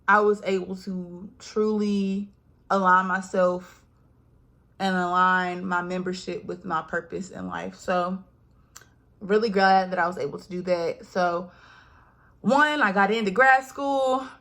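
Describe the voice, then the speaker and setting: A young woman, telling a personal story in casual vlog style, acting out quoted voices and dropping to hushed asides. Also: mid-range voice, fairly even intonation, slow. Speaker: vlogger.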